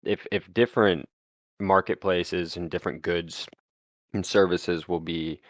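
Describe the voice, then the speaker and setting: A man's voice: low-pitched, steady tone, measured pace, no room sound. A man in a casual podcast panel discussion, agreeable and thinking aloud as he goes.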